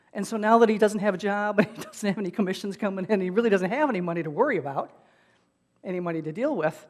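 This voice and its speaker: A woman pastor preaching a sermon, retelling a film scene in an animated storytelling manner. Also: mid-range voice, big-room sound. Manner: animated, rising and falling in loudness.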